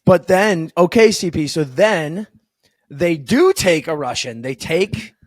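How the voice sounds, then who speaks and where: A man co-hosting a casual hockey podcast, telling stories excitedly. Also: on the high side, slow, dry recording. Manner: excitable storyteller, swears casually. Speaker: podcast co-host.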